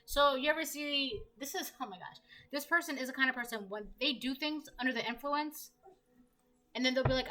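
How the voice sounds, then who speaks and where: A woman's voice: high-pitched, a little fast, pushed and bright, rough recording. A woman giving a casual collective tarot reading, talking conversationally and repeating her phrases as she reads the cards aloud. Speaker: tarot reader.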